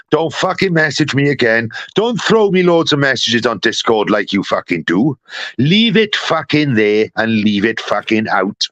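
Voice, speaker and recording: A man ranting angrily and profanely to his live-stream community, jumping between loud outbursts and low mutters. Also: dry recording. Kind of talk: angry live-stream rant.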